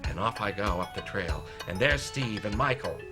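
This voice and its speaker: An actor playing a self-mocking, out-of-shape husband, telling a story in a wry, self-deprecating comic monologue, with music behind. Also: male voice, fairly low pitch, expressive, normal speed, lightly acted. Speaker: film character narrating a monologue.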